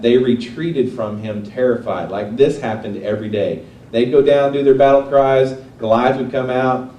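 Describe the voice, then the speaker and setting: A man's voice: medium pitch, warm tone. A man preaching a sermon in a conversational way, asking his listeners questions and retelling a story. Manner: conversational, asks the audience questions. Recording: echoey room, voice from a distance.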